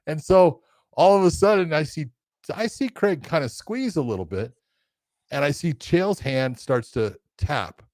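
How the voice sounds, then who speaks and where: A man casually telling a story as a podcast co-host, animated and acting out quotes with laughter. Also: on the high side, unhurried, dry recording.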